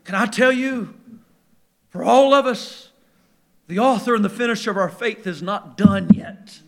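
A man preaching a sermon, moving between quiet, low passages and loud, shouted peaks, acting out voices as he tells stories. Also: unhurried, gravelly. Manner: acts out quoted voices in storytelling.

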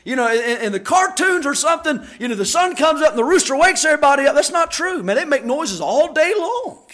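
A male preacher with a strikingly high, bright, forceful voice. He swings between shouted, drawn-out emphasis and low, chatty stories told almost under his breath. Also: very animated. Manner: drops to quiet folksy storytelling. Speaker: pastor. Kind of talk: sermon.

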